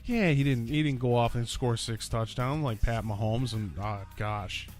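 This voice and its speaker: A man hosting a casual solo sports podcast, talking in an animated, rambling way and repeating lines for emphasis. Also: mid-range voice, normal speed, faint music behind. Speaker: podcast host. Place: lives in Orlando.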